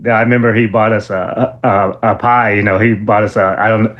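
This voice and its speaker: A man guest in an interview, telling stories in a casual, lively way, laughing often and full of fillers and restarts. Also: brisk, dull audio. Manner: animated, acts out quotes in a high excited voice. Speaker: interview guest, former wrestler.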